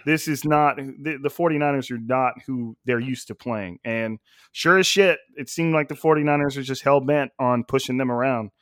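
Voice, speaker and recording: Brief: relaxed male podcast host, mid-pitched, speaking in a dry, close room. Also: moderate pace, no room sound. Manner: laid-back, loose, filler-heavy. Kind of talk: casual sports chat.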